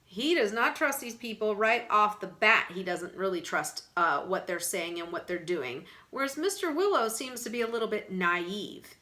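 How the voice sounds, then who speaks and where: A teacher reading a novel aloud to her students in an expressive way, pausing to explain words to them. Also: mid-range voice.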